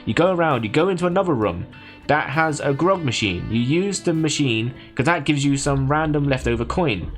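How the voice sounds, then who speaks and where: A man livestreaming, casually recapping a video game plot in a hurried, rambling way. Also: on the high side, expressive, faint music behind.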